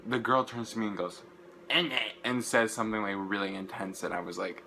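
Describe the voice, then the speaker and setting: A young man, gushing and rambling through an excited casual vlog recap, full of "like" fillers. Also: fairly low pitch, brisk, slight background noise, poor audio. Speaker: vlogger.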